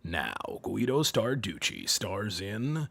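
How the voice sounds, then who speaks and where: A man putting on a deep, sultry male movie-trailer announcer voice, breathy and half-whispered, with a slow, drawn-out dramatic delivery. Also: big pitch swings, a bit bright, full character voice.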